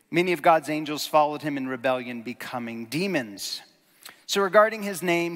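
A man delivering a lively sermon, his voice on the high side for a man. He talks casually and animatedly, tells jokes and hits words with strong emphasis. His voice rings out with the long reverb of a big hall. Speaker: preacher.

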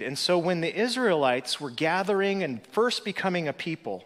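A man preaching a sermon as pastor, swinging between emphatic, rising passages and quiet, reflective lines. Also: sits high, very animated, normal speed. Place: church sanctuary. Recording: long hall reverb.

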